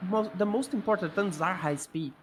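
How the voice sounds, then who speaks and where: A man with a Brazilian accent co-commentating a sim race, animated and teasing. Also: sits high, slight background noise. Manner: animated, teasing, quick to feign offense. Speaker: co-commentator and racer.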